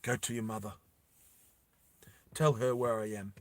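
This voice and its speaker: A man voicing a wounded, dying father who speaks softly and haltingly in a storytelling video. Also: fairly even intonation, slight background noise, natural voice. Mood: tender. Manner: soft, low, halting.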